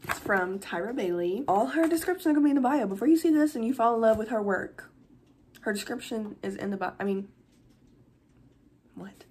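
A woman's voice: a little high, animated, a little fast, pauses often, darkish tone, a little hiss or hum. A young woman, chatting through an unboxing vlog, gushing and close to tears. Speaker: vlogger.

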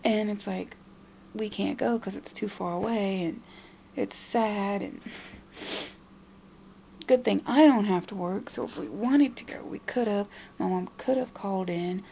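A young woman venting to her camera with a frustrated edge, talking at a middle pitch. Her voice has a gravelly, fried texture, and a faint hiss of noise sits under it. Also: measured pace, dark tone. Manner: frustrated, mimicking others in a high nagging voice. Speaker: vlogger. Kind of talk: venting monologue.

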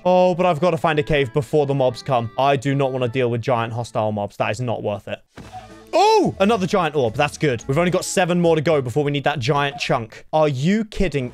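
A man commentates a Minecraft challenge in a slightly high voice that leaps up and down constantly. He swings between calm asides and panicked outbursts, with faint music in the background. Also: a little fast. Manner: excitable, jumping from calm remarks to panicked yelps. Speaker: gaming video host.

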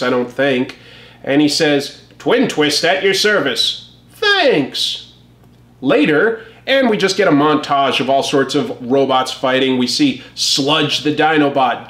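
A review host casually offers wry remarks on a comic. His voice is slightly high with a fairly bright tone, and the room gives a noticeable echo.

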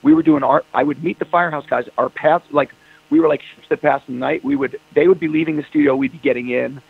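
A man's voice: on the high side, steady tone, fast, gravelly, husky, dry recording. A man, a rock singer, telling stories in a casual interview and acting out phone calls in quoted voices. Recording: dry tinny phone line.

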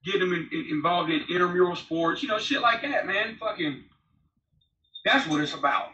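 A man's voice: sits high, moderate pace, sharp tone. A man in his forties, a former prisoner, telling his story in a blunt, profane, rambling way in a candid interview. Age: 40s. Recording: roomy, distant, slightly dull remote audio.

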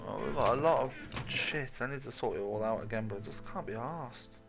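A man at a mid-pitched, everyday voice, rambling through his game with goofy asides and frequent swearing. He talks to himself as he plays, casual and unpolished, with faint music playing behind. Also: a little fast, vocal fry. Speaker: gaming channel host. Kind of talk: casual let's-play commentary.

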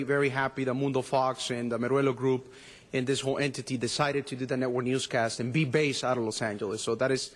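A man's voice: medium pitch, in a large hall. A man who works as a news anchor giving an earnest acceptance speech, repeating words as he goes. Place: city council chamber.

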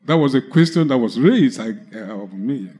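A man preaching with a Nigerian English accent, telling a personal conversion testimony slowly, with halting restarts. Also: mid-range voice, animated, mellow. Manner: slow, halting storytelling with restarts. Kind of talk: testimony sermon.

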